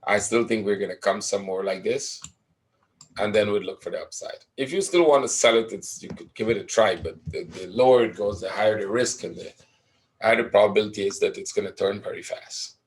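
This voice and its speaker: A man teaching forex trading in a live webinar, talking casually through chart patterns and often checking in with "right?". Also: lowish voice.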